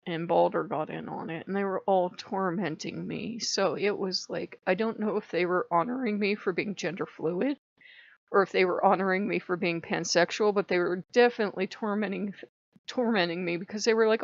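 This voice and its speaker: A woman casually telling a story to camera, animated and laughing, acting out the voices she quotes. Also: medium pitch, moderate pace, gravelly, no echo. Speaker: spiritual vlogger. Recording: slightly dull dry lo-fi recording.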